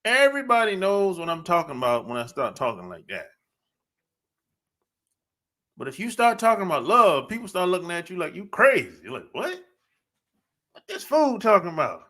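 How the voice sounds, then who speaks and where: A man's voice: high-pitched, big pitch swings, sharp tone. A man hosting a podcast, talking bluntly in a casual monologue and laughing often. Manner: blunt, laughing often, drawn-out emphatic phrasing. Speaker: podcast host.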